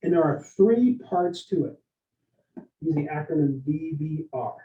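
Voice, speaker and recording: A man giving a leadership workshop, energetic and interactive, often asking his listeners questions and tagging lines with "right?". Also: fairly high pitch, a little slow. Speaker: leadership speaker. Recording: roomy, dull lo-fi sound.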